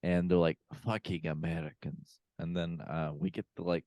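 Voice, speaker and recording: A man with a very low voice casually retells a movie for his podcast co-hosts, leaning on fillers and quoting characters. The sound is dry and close to the mic. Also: flat delivery, fairly quick, warm tone, no echo. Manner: rambling recap with many fillers and quoted lines. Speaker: podcast co-host. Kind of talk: casual movie recap chat. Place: home room, remote call.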